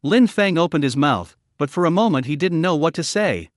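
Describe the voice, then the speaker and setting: A man's voice: fairly high pitch, animated, moderate pace, few pauses, no room sound, studio quality. A man narrating a recap of a comic story in a scripted reading style, voicing each character's lines in his own voice.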